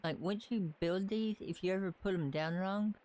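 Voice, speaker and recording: A live-stream gamer with a softened Southern accent talks casually over the game, thinking out loud as they build. The pitch sits in a middling range, and the delivery stays relaxed and rambling. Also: moderate pace. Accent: light Southern US. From Southern United States. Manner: chatty, thinks aloud while building.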